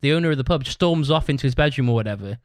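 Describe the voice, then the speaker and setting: A man's voice: mid-range voice, lively intonation, racing, no room sound, studio quality. Sweary, rambling British man telling a story. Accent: British English. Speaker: podcast host. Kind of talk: casual storytelling monologue.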